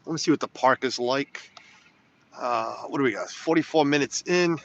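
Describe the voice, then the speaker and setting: A man's voice: medium pitch, normal speed. A man chatting casually to viewers while driving in snow, rambling and reading comments aloud. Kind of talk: casual live-stream chat from a car. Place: inside a car on snowy roads. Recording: slightly dull lo-fi phone audio.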